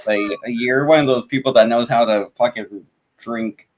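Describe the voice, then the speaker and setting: A man's voice: medium pitch, steady tone, moderate pace, muffled recording, a little hiss or hum. A man hosting a livestream chat, teasing and joking with his guests. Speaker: stream host.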